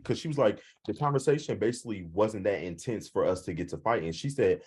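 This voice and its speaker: A man co-hosts a reality show recap over a video call, blunt and profane. He retells the cast's lines in their voices. His voice is low and husky. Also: brisk, few pauses, darkish tone. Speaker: co-host. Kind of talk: casual reality TV review chat.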